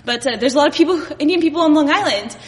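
Woman storyteller on stage, playful and laughing, bright-ish pitch, echoing hall. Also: expressive, very fast. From Dallas, Texas. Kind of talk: live stand-up storytelling. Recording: live hall with long reverb.

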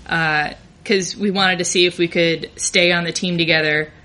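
A young woman tells a candid, self-deprecating story about her own life and laughs through her lines. Her voice sits a little low but rings bright and clear. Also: steady tone, normal speed. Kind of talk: live personal storytelling.

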